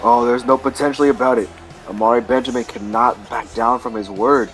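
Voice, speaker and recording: A man's voice: medium pitch, fairly even intonation, fairly quick, a bit bright, faint music behind. A man giving earnest, emphatic color commentary on a wrestling match.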